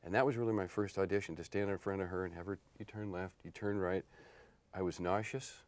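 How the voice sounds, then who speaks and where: A man in his fifties, an actor and model, telling stories about his career in a relaxed interview, often laughing. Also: sits low, brisk. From Portland area, United States. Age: 50s. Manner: animated storyteller, laughs often. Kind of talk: casual interview chat.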